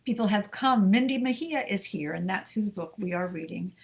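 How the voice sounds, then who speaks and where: A middle-aged woman from the United States co-hosting a live book show from her home desk, chatty and warm, greeting viewers by name with many ums. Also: mid-range voice, lively intonation, normal speed. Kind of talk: casual live-stream chat greeting viewers.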